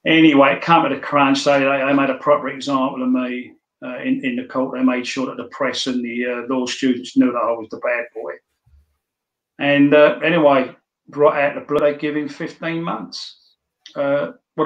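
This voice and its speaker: A man's voice: mid-range voice, flat delivery, moderate pace, a bit bright, muffled recording. Blunt, swearing man in an echoey room. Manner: blunt, swears freely, stammers on restarts. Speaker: interview guest. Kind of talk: casual storytelling.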